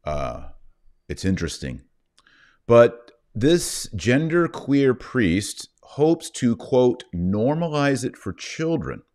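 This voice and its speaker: Middle-aged man, very low voice, mocking, rambling livestream commentary. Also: darkish tone. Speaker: livestream host.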